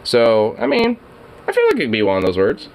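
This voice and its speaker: A man's voice: mid-range voice, wildly swooping pitch, a little fast, gravelly, a little mellow, slight background noise. A man hosting a reaction video, rambling casually with swearing, frequent laughs and many fillers.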